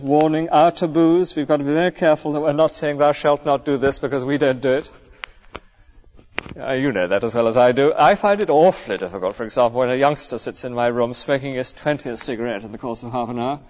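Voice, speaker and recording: A man's voice: mid-range voice, a little fast, a little mellow, highs cut off. A male clergyman giving an earnest, conversational sermon full of rhetorical questions.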